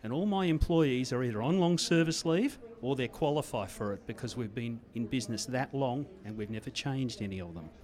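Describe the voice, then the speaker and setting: A man addresses the room as a sponsor, pitching his business with dry, wry humor. His voice sits at a mid pitch and stays conversational throughout. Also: animated, a little fast, hardly any pauses, darkish tone. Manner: wry, salesmanlike. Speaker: company representative, sponsor. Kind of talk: sponsor speech. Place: judging room at a photography awards event.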